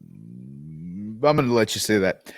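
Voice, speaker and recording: A man with a fairly low voice, chatting in a laid-back, hesitant way on a movie podcast. He pauses and fills gaps with fillers, and the recording is dry and close. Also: huge pitch swings, vocal fry, breathy edge, no room sound. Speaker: podcast co-host. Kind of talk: casual movie podcast chat.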